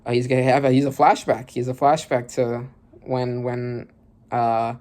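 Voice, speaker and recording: Excitable man reacting to a manga. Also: medium pitch, normal speed. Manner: excitable, bursts into loud exclamations and swearing. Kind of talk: reading and reacting to a manga chapter.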